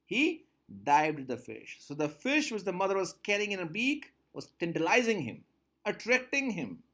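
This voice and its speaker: A man's voice: sits high, huge pitch swings, moderate pace, a bit bright. A man teaching a textbook story, reading each line aloud and then repeating and explaining it. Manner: reads a line, then repeats and paraphrases it with rising emphasis. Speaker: English teacher.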